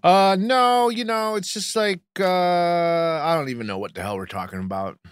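A man co-hosting a recap podcast, laid-back and deadpan in casual banter. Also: high voice, moderate pace, smooth, no room sound, clean studio sound. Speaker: podcast co-host.

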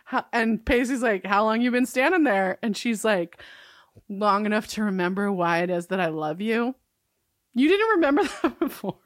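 A woman's voice: medium pitch, normal speed, no room sound. Woman cohost, chill and wry, recapping stuff, dry close mic. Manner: relaxed, wry, recaps plot with dry asides. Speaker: podcast co-host. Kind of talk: casual rewatch chat.

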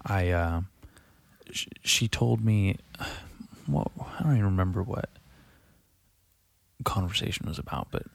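A man's voice: low voice, animated, unhurried, creaky, pauses often, no echo. Rambling, profane male podcast host. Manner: rambling, profane, self-deprecating, trailing off and restarting; sighs often, drops to a mutter. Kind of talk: casual solo monologue.

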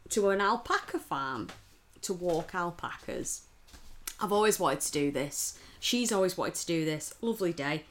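A woman's voice: fairly low pitch, slight background noise. A woman, co-hosting a podcast and telling an annoyed, sweary story in casual chat. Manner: sweary, animated storytelling with bursts of emphasis. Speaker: podcast co-host.

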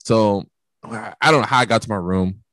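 A man's voice: on the low side, fairly quick, no echo. A young man casually telling a profane party story, acting out the lines of the people in it. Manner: animated, profane storytelling that acts out quoted lines. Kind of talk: casual chat.

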